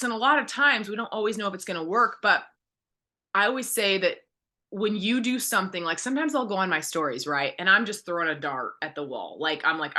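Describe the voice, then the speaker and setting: A woman's voice: mid-range voice, lively intonation, fairly quick, sharp tone. A woman leading a direct sales team call, talking in a candid, encouraging, rambling way with many fillers, and close to tears at times. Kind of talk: motivational team call talk.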